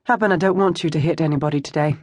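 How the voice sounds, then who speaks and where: Narrator voicing a brisk young woman schemer. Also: medium pitch, dry recording, studio quality, close to an everyday voice.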